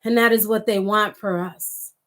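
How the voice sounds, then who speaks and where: A middle-aged woman hosts a casual livestream, speaking with impassioned energy to viewers and reading their comments aloud. Her voice is medium in pitch and fairly bright, with fairly even intonation and a moderate pace.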